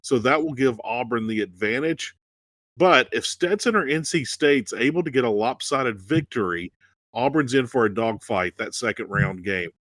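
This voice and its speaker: A man's voice: mid-range voice, lively intonation, normal speed, fairly bright tone, dry recording. A man co-hosting a casual sports talk show, speaking in a laid-back, joking way. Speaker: co-host.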